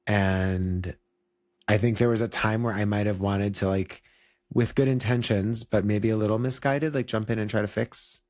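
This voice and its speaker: A man with a fairly low voice talks through yoga ideas in a loose, rambling way, circling back with "like" and restarting thoughts. The sound is dry and close, with no room around it. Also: a little mellow, dry recording. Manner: rambling, many "like" fillers and restarts. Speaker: yoga teacher and podcast co-host. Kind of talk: casual reflective chat.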